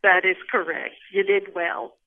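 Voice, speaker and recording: A woman's voice: mid-range voice, little pitch movement, unhurried. A woman, a local tour guide, patiently explaining things in a phone interview. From Louisiana. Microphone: telephone. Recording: tinny phone line.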